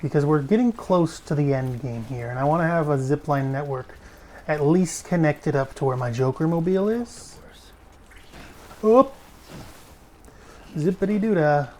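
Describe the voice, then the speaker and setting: A man giving casual gameplay commentary as a streamer. He chats freely, swears often and breaks into sudden loud exclamations. He talks while sitting in a desk chair at home. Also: on the high side, lively intonation, normal speed, long pauses, a little hiss or hum. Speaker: gaming streamer.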